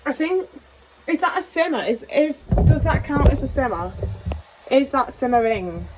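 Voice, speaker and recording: A woman's voice: high-pitched, big pitch swings, moderate pace, far from the mic, background noise. A young woman chatting anxiously to the camera while cooking in her home kitchen, questioning herself and swearing often. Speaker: vlogger. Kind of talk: casual cooking vlog talk.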